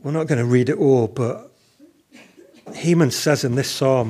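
A man preaching a sermon at a slow, measured pace, stressing his key questions. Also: mid-range voice, mellow.

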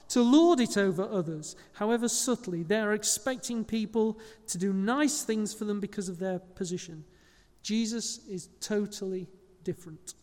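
A man gives a sermon in a relaxed, conversational way, stopping now and then to correct himself. His voice sits high for a man. The long reverb of a church hall trails behind every phrase. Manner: conversational preaching with small slips and self-corrections. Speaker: pastor.

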